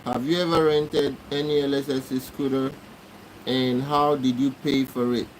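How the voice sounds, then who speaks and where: A man's voice: medium pitch, little pitch movement, normal speed, a little hiss or hum, poor audio. A man hosting a live stream, arguing with commenters in a repetitive, exasperated lecturing way. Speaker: livestream host. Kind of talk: live-stream talk answering chat comments.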